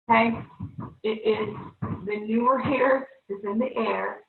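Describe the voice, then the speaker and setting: A woman's voice: on the high side, fairly even intonation, a little slow, vocal fry. A woman teaching a televised math lesson to young students, upbeat and coaxing, constantly checking in with the class. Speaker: third-grade teacher. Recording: echoey room, far-off, thin phone-like sound.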